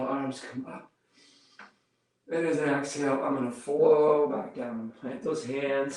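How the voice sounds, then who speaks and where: A man leading a yoga class, giving calm step-by-step cues while he demonstrates the poses and counts breaths. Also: mid-range voice. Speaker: yoga instructor. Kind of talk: guided yoga class instruction. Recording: roomy echo, mic far off.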